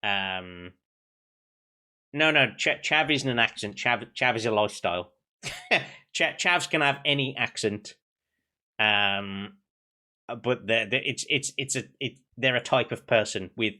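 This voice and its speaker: A young adult man with a softened Black Country accent, chatting casually on a stream, rambling with many restarts. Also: fairly low pitch, a little slow. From England. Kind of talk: casual chat with chat.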